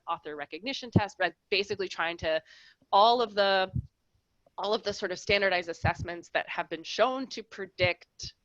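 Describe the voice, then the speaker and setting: A woman walks through her research in a relaxed, explanatory academic talk, her voice low-set and bright with a crisp edge. The sound is dull and lo-fi, yet very dry, with no room around it. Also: no room sound. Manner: casual, explanatory, with fillers like "right" and "um". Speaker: guest speaker presenting research.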